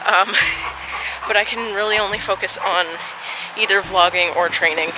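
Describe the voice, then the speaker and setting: A woman's voice: mid-range voice, steady tone, moderate pace, heavy background noise. A woman chatting casually in a vlog while walking her dogs outdoors at a dog park, a little out of breath, recording on a handheld camera. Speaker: vlogger.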